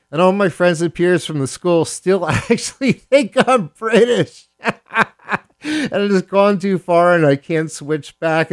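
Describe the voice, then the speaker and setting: A man's voice: a little high, clear, resonant tone. A male radio DJ host reading a listener's confession aloud, then giving playful, mock-solemn commentary with frequent chuckles.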